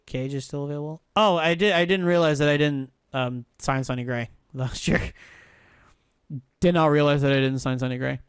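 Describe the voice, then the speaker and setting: A man's voice: mid-range voice, clean tone, dry recording, clean studio sound. A man playing a baseball video game on a live stream, muttering, thinking aloud and swearing freely as he checks player moves. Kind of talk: casual live-stream commentary.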